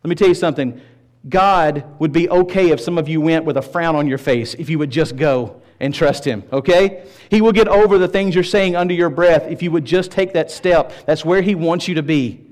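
A man's voice: a little high, a little fast, darkish tone. A middle-aged male pastor from Tennessee preaching a sermon, telling stories with self-deprecating humor and emphatic repetition.

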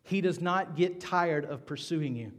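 A man's voice: a little high, measured pace. Earnest man preaching a sermon. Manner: earnest preaching, rising to loud scripture reading, dropping to soft hushed appeals. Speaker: pastor.

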